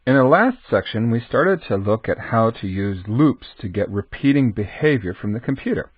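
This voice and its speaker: A man's voice: medium pitch, lively intonation, normal speed, breathy edge, no room sound. Chatty male coding teacher, dull dry sound. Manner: chatty, self-answering asides to the viewer. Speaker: programming instructor. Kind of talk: screen-recorded coding lesson.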